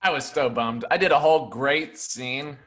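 A man's voice: mid-range voice, moderate pace, a bit bright. A man on a comedy podcast, telling a rambling, self-mocking story about an improv scene.

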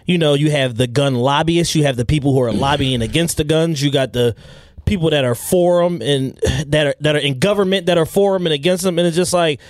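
A man's voice: fairly high pitch, fairly quick, dry recording, clean studio sound. A man in a casual podcast chat, speaking bluntly with heavy profanity. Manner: blunt, profane, laughs along. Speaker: podcast co-host.

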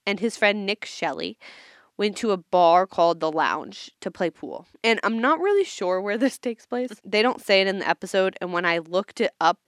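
A woman's voice: mid-range voice, expressive, moderate pace, no room sound, studio quality. A woman telling a story in a rambling, casual podcast chat, laughing often. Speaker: podcast co-host.

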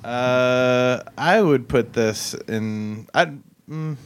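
A man's voice: mid-range voice, very slow, clear, resonant tone. Easygoing man chatting on a podcast. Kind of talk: casual chat.

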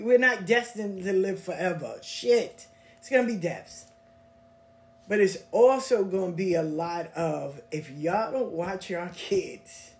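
A woman hosting a podcast, telling personal stories in a casual, blunt, animated way and swearing freely. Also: medium pitch. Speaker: podcast host. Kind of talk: casual storytelling monologue.

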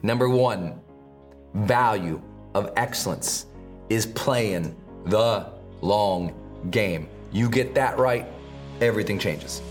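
A man speaking as a high performance coach in motivational podcast talk, emphatic and challenging, acting out his own inner voice. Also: slow, faint music behind.

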